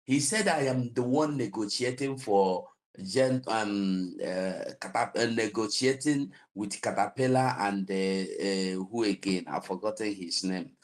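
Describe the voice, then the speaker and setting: A man's voice: unhurried, few pauses. A man on a talk show, telling a story with frequent laughter. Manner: animated storytelling, laughs often, lively pitch. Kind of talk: casual chat.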